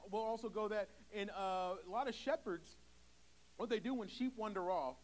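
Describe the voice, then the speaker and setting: High-voiced young preacher, conversational. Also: male voice, poor audio. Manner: conversational, acts out little quoted dialogues. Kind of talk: sermon. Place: church sanctuary.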